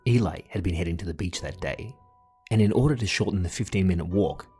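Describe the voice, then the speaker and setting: A man narrating a family podcast in a measured, reflective, dryly humorous way. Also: low voice, a little mellow, slightly rough. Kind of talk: scripted narration.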